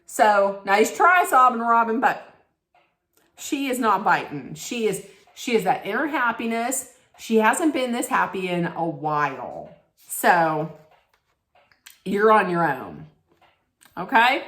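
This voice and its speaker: A woman's voice: mid-range voice, big pitch swings, takes it slowly, long pauses, fairly bright tone, roomy sound. A woman giving a snarky, blunt recap straight to her viewers, emphatic and sarcastic. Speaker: reality TV recap vlogger.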